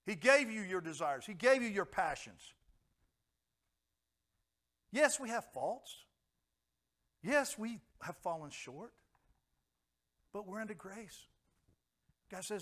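A man's voice: high voice, lively intonation, slow pace, long pauses, fairly bright tone. A middle-aged man preaching a sermon in a conversational way, asking the congregation questions and acting out voices. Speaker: pastor.

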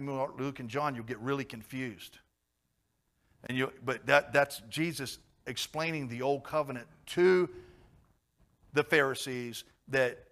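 A man preaching a sermon in a conversational way, asking his audience questions and swinging from quiet asides to emphatic points. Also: mid-range voice.

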